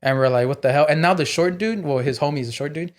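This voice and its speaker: A man's voice: on the high side, fast talker. Man telling a rowdy story. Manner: profane, filler-heavy storytelling with many "like"s. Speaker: guest comedian. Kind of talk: casual podcast storytelling.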